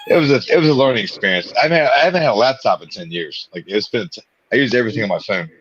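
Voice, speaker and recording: A man's voice: medium pitch, animated, very fast, a bit bright, slight background noise. A man co-hosting a live watch-party stream in casual chat, laid-back, profane and self-mocking. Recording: dull, dry lo-fi stream mic.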